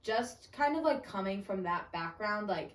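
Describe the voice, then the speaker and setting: A woman's voice: medium pitch, expressive, moderate pace, soft background music. A young woman in her twenties, a podcast guest, talking casually and rambling with restarts and lots of "like.". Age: 20s. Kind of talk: casual chat. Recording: roomy echo.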